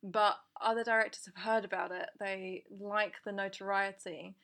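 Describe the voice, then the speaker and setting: A woman's voice: mid-range voice, fairly even intonation, moderate pace, fairly bright tone. A woman co-hosting a podcast, talking over a film casually with many restarts and trailing thoughts. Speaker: podcast co-host.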